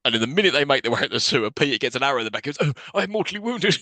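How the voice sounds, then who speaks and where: A man co-hosting a film podcast, retelling scenes in a casual, animated and incredulous way, swearing freely. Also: medium pitch, rapid-fire, dry recording. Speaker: podcast co-host. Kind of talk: casual film review chat.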